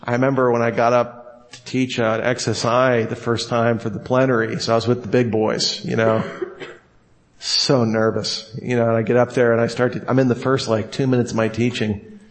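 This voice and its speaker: A man's voice: mid-range voice, little pitch movement, moderate pace. A man teaching a class on how to preach, talking casually, joking and acting out quotes. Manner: casual, jokey, acts out quotes with laughs. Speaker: Bible teacher. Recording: long hall reverb.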